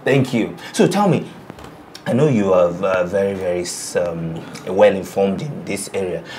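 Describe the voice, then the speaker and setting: A man's voice: low voice, moderate pace, a little mellow, lightly acted. A young man with a Nigerian accent, playing an earnest groom-to-be who stammers and repeats his words. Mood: overjoyed. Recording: noisy background hum.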